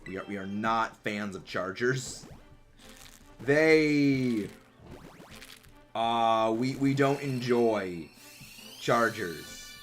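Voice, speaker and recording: A man's voice: mid-range voice, very slow, pauses often, faint music behind. A man livestreaming, chatting casually with his viewers in a rambling, musing way full of fillers and restarts. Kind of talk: casual chat while gaming.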